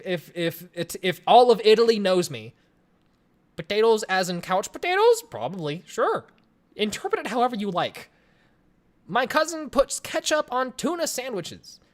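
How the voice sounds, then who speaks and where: Reading chat aloud during a casual Q&A, this Colorado, USA livestream host in their 20s sits at a home webcam with a desk microphone on a stream setup. Chatty and jokey, they ramble and restart often, their very bouncy pitch swinging widely at a moderate pace.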